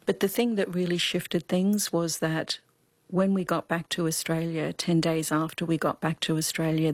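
Woman, gravelly voice, dry close recording, reflective storytelling, pauses as she thinks. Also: low-pitched, dry recording. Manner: soft-spoken, reflective, with pauses and restarts. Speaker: charity founder. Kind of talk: personal storytelling in an interview.

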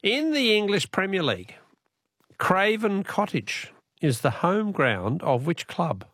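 Chatty Australian male radio quiz host, jokey, voice bouncing up and down, slightly higher pitched. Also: big pitch swings, takes it slowly, a bit bright, dry recording, clean studio sound. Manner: jokey, laughs often, chatty.

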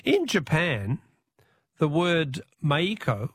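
A man's voice: a little high, very animated, takes it slowly, husky, no room sound. A man with an Australian accent hosting a talkback radio quiz, chatty, reading out listener texts and taking callers. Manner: chatty, reads texts aloud, laughs easily.

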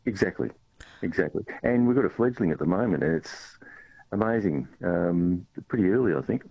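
A man calling in to a radio show, relaxed and halting with fillers, on a phone line. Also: sits low, vocal fry, breathy edge. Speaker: caller. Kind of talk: casual phone-in chat.

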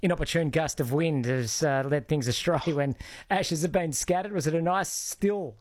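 An Australian man hosting talkback radio, a little higher than most men, speaking in an easy, friendly way. His voice is close and dry, with no room sound. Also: normal speed, darkish tone, dry recording. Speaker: radio host.

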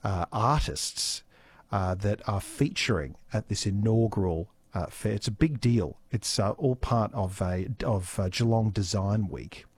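A man's voice: fairly low pitch, measured pace, a little mellow, slightly rough, no echo. A man with an Australian accent hosting live talk radio, chatty with lots of fillers and restarts. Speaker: radio host. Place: radio studio. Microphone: studio mic.

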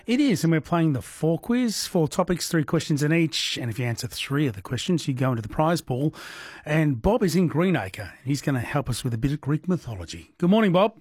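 A man hosting an overnight radio quiz, chatty and quick to laugh with callers. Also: fairly high pitch, sing-song, darkish tone, breathy edge, no echo, studio quality. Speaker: radio host. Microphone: studio microphone.

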